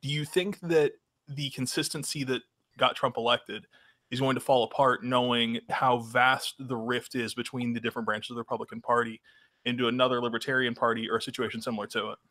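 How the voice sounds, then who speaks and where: A man co-hosting a talk show, asking long questions with fillers and pauses. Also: mid-range voice, steady tone, pushed and bright, no room sound. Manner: halting, with fillers. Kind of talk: interview questions.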